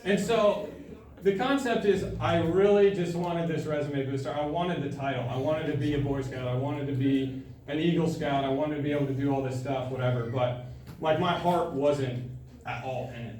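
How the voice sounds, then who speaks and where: A young man giving a sermon to a student group, telling a personal story in a casual, animated way with frequent laughter. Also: on the high side, normal speed. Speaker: student speaker. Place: large room at a student gathering. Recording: echoey room, from far off, faint noise.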